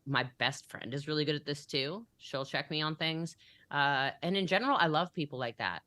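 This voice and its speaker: A woman's voice: deep voice, moderate pace, sharp tone, no echo. A young adult woman talking as a business coach in a motivational podcast interview, emphatic and acting out the conversations she quotes.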